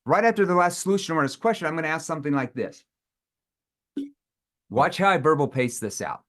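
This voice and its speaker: A man leading a live sales training seminar, animated and demonstrating questions in a challenging tone. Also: a little high, fairly quick.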